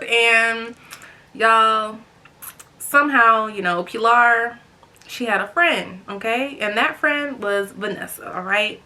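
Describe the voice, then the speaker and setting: Young woman, storytime vlogger, bright voice, slightly high pitch, chatty, animated, does voices. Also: takes it slowly. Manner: animated, acts out other people's voices; chatty, talks straight to viewers. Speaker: vlogger host. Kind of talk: storytime vlog.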